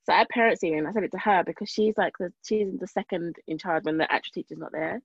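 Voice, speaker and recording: Young woman cohost, talks fast and animated, kinda husky, dry muffled sound. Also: lowish voice, dry recording. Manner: animated, emphatic, acts out quoted people. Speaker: podcast co-host. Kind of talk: casual chat.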